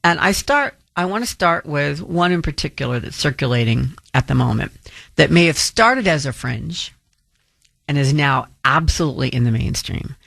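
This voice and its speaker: A man's voice: fairly high pitch, expressive, moderate pace, gravelly, fairly bright tone, dry recording, clean studio sound. A man filling in as a talk radio host, speaking in a rambling monologue with frequent restarts.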